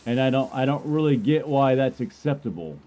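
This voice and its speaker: Male gamer with a mellow, dark tone; rambling, stammering rant. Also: mid-range voice, expressive, fairly quick. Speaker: gamer commentator. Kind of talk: ranting commentary.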